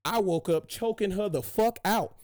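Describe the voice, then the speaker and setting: A young man hosting a casual podcast discussion, telling profane stories in an animated way. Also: sits high, normal speed. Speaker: podcast host.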